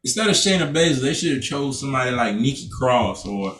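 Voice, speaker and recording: A man's voice: mid-range voice, expressive, fast, a bit bright, distant mic, a little hiss or hum. A man co-hosting a casual podcast, talking loosely and cursing as he acts out quotes. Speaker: podcast co-host. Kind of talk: casual chat. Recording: echoey room, off-mic.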